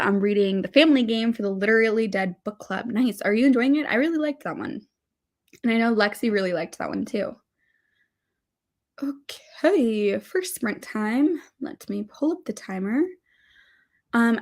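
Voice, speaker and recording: A bubbly young woman chats casually on a livestream, her pitch sitting in an ordinary middle range. She talks to viewers through a computer mic, reading out their comments in a chatty way. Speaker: livestream host.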